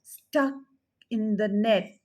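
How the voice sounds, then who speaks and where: A woman speech therapist teaching a child with a story, slowly repeating her prompts and questions. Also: medium pitch, a little mellow. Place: therapy session room.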